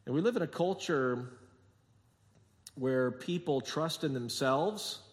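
A man's voice: medium pitch, expressive, slow pace. Sarcastic preaching man in a reverberant hall. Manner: jokey, sarcastic storytelling with acted-out quotes; swings between quiet asides and emphatic preaching. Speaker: pastor. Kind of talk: sermon.

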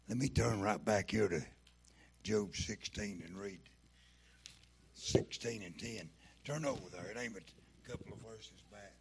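A man preaching a sermon, breaking in with fervent shouts of praise. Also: lowish voice. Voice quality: gravelly.

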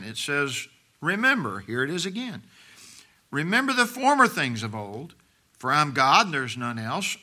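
A middle-aged man preaching a sermon, swinging between loud emphasis and quiet asides, with homely jokes for the congregation. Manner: preaching with big swings in volume and pitch. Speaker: pastor.

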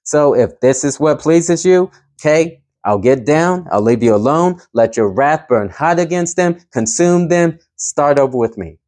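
A man's voice: fairly high pitch, lively intonation, measured pace, hardly any pauses, a little mellow. A man preaching a sermon, earnest and emphatic, pushing his voice up to stress key points.

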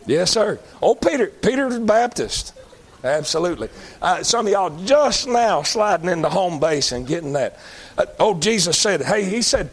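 A middle-aged preacher delivers a folksy sermon in a fairly high voice. He talks plainly with the congregation and rises into loud, emphatic peaks. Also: very animated, normal speed, husky. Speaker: Baptist preacher.

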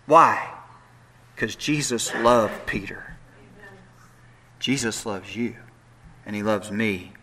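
A man preaching a sermon, moving between hushed, quiet lines and loud, animated bursts, with playful asides to the congregation. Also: on the low side, takes it slowly, long pauses, a little hiss or hum. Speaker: pastor.

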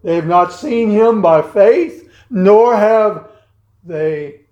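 A man preaching a sermon in a slow, measured way, pausing heavily between emphatic phrases. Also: high voice, reverberant, dull audio.

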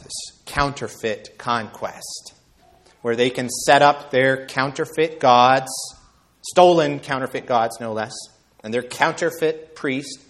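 A male preacher delivering an evening sermon at a middle pitch. He drives his points home by climbing higher and louder. He draws key phrases out slowly for emphasis. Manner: emphatic, rising high and loud on key points, slowing words for weight.

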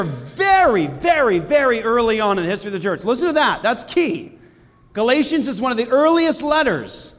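A male pastor preaching in a church with a strikingly high voice. He talks to the congregation in a casual, conversational way and then builds to forceful, emphatic bursts. The sound carries a long reverb from the hall. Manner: animated, conversational preaching with sudden emphatic outbursts. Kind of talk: sermon. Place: church sanctuary.

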